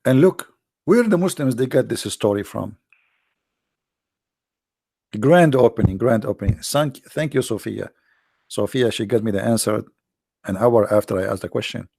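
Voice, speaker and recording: Man, Arabic accent, mocking commentary host, gravelly voice, dry close mic. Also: on the low side, animated, moderate pace, pauses often, darkish tone, dry recording. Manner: sarcastic, mocking, rambling asides. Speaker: channel host. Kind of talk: mocking religious commentary stream.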